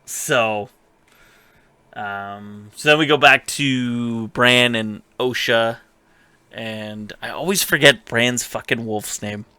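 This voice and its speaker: A man's voice: medium pitch, takes it slowly, sharp tone, smooth, dry recording. A man co-hosting a podcast, casually recapping a TV episode in a rambling way with lots of fillers and quoted asides. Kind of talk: casual chat.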